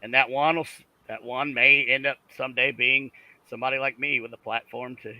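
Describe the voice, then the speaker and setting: A man's voice: mid-range voice, fairly even intonation, a little fast, no echo, lo-fi sound. A man guest on a podcast, speaking hesitantly with many fillers. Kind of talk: casual chat.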